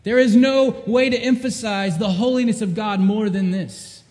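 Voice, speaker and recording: A male pastor preaches a sermon with earnest emphasis, swinging from loud repeated cries down to low, intimate questions. He speaks at normal speed, and the recording has a long reverb tail.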